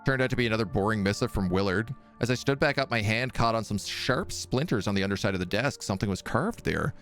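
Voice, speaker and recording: Low gravelly man reading game text. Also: soft background music. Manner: measured storytelling reading, softer chatty asides to his cat. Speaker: streamer and game narrator. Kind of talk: reading game text aloud, casual chat.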